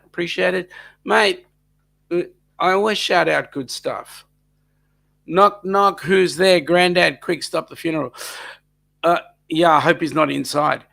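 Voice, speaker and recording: A man's voice: fairly high pitch, gravelly, pushed and bright. A man hosting a live stream, chatting casually and reading out viewer comments, with lots of ums and restarts. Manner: chatty, repeats himself, many ums.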